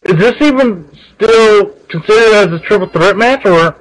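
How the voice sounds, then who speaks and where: A man's voice: high-pitched, poor audio. A man co-commentating on wrestling in a bantering way, grumbling and cracking jokes. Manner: slow, wisecracking, grumbling.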